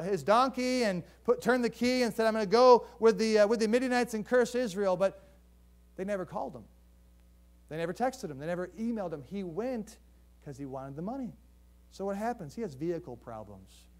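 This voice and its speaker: A male pastor preaching a sermon in a conversational storytelling way, sprinkling modern jokes into a Bible story. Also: high-pitched. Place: church.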